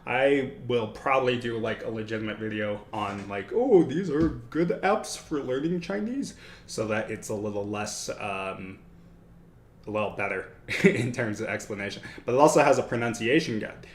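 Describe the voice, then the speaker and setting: Low-voiced man rambling in an echoey room. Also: steady tone, moderate pace. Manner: rambling, self-correcting, thinks aloud. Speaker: livestream host. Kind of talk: casual study-stream talk. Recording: echoey room with faint noise.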